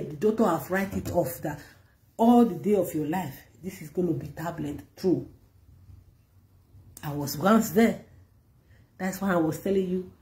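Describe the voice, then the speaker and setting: A woman's voice: on the low side, dark tone. A woman pastor preaching and leading prayer, urging listeners with fervent, repetitive exhortations. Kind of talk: sermon with prayer. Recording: echoey room.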